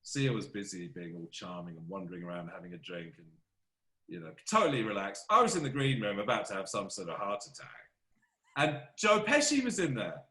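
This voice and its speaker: A man, a film composer, telling stories as a guest in a casual interview, animated and self-deprecating. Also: fairly low pitch, fairly quick, roomy sound.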